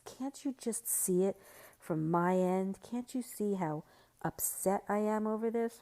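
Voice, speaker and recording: A middle-aged woman hosting a podcast, telling a personal story in a casual, animated way. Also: mid-range voice, a little slow, no room sound. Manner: animated, vents with rising heat. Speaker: podcast host.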